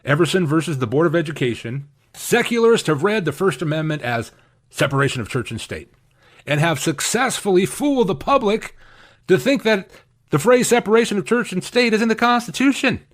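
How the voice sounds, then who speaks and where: A man preaching a sermon as pastor, emphatic, with lively swings in pitch and acted-out quotes of opponents. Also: fairly quick. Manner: acts out quoted opponents in voices.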